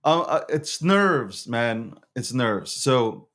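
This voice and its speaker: A man's voice: medium pitch, sing-song, slow pace, a bit bright. A man hosting a casual crypto market monologue, slangy and swearing, who keeps breaking into fits of giggles. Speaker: host of a crypto news show.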